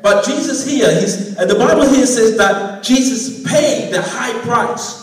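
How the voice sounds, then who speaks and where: A man's voice: very high-pitched, a little slow. A man preaching a sermon, emphatic, calling for amens from the congregation. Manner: emphatic, calls for amens, acts out quoted voices. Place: church hall. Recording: echoey church hall from far off. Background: congregation murmuring responses.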